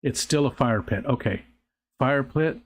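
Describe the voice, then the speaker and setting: An older man hosting a casual livestream, reading viewer comments aloud and chatting in a rambling, halting way with many restarts. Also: medium pitch. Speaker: livestream host. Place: outdoors near a pond.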